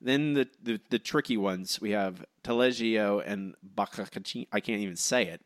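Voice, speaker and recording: A man co-hosting a casual podcast and running a trivia quiz, teasing his partner with quick asides. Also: on the low side, no echo, clean studio sound. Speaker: podcast co-host and quiz master.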